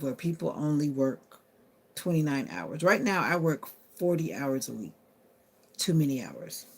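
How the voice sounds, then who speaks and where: On a relaxed live stream, a woman answers viewers' comments out loud and speaks to her phone's assistant. Her voice sits low and sounds gravelly and husky.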